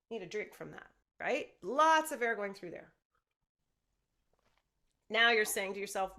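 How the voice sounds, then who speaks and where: A woman's voice: medium pitch, lively intonation, measured pace, pauses often, pushed and bright. A woman voice teacher leading a group singing lesson, explaining technique and often checking in with "okay?". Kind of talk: singing lesson with sung demonstrations.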